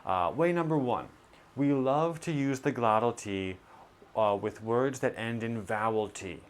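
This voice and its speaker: A man teaching a pronunciation lesson, modeling sounds slowly and deliberately. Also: medium pitch.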